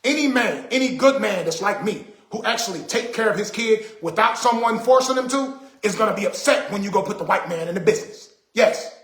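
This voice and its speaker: A man's voice: sits high, expressive, brisk, few pauses, fairly bright tone, echoey room. A man hosting a casual livestream, talking to viewers in an emphatic, repetitive, indignant way. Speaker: livestream host.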